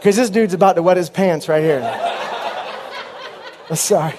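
A man preaching a sermon as a comic story, punchy and animated, with quick asides to the crowd. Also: high voice, background noise.

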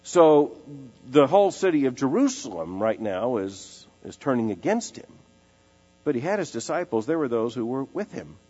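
Preacher in a big echoing hall. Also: male voice, medium pitch, big pitch swings, warm tone, husky. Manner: emphatic, repeats phrases, slows down for weight. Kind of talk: expository sermon. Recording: dull lo-fi sound in a large reverberant hall with faint music.

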